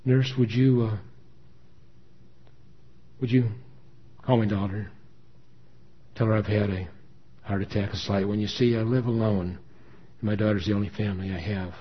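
A man's voice: on the low side, steady tone, normal speed, pauses often, husky. A man voicing a frail, hesitant fifty-year-old man in a hospital bed, asking urgently for help. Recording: dull lo-fi recording.

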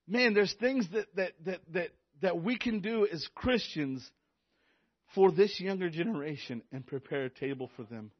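Excited youth pastor preaching, stammering. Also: male voice, fairly high pitch, moderate pace, dry recording, muffled recording. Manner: enthusiastic, repetitive, stammers on restarts. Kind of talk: sermon.

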